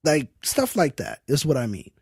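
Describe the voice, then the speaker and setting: Husky, animated man telling stories. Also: mid-range voice, moderate pace, no room sound, studio quality. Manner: animated storyteller, acts out quoted people. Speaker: podcast co-host. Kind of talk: casual chat.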